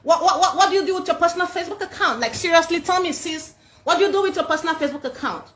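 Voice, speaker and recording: Woman doing a snooty fake-American posh lady, mocking, high and quick, echoey room. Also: expressive, bright, forceful tone. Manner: mocking, drawling "like, seriously".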